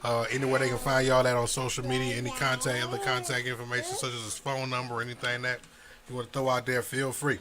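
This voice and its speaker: A man's voice: mid-range voice, level tone, fast, crowd noise. A man co-hosting a radio show, talking loosely and jokingly in slang, recorded in a radio studio. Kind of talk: casual on-air chat.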